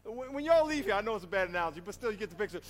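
A man preaching a sermon in an animated, emphatic way, asking his congregation rhetorical questions. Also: high voice, racing, slight background noise. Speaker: pastor. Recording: reverberant hall.

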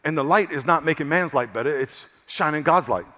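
Male preacher w a high voice, goes loud then hushed, lots of ringing reverb in the room. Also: a little fast. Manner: emphatic, swings from loud to hushed; repeats phrases for stress. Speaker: pastor. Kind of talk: sermon.

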